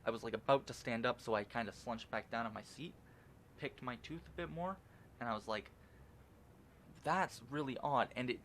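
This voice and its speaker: A man's voice: medium pitch, fairly quick, fairly bright tone, a little hiss or hum. Rambling, profane young man. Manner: rambling and profane, with many fillers and restarts. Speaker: gaming channel host. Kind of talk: casual gameplay commentary.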